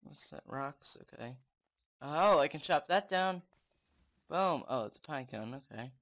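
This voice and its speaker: A young man commenting on his own game play, excitable and swearing often, talking to the game. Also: on the high side, a little slow. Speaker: gamer.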